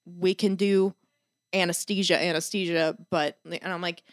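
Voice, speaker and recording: A woman hosting a casual chat, telling a story in an animated way, swearing and rising in pitch when exasperated. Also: normal speed, no room sound, clean studio sound.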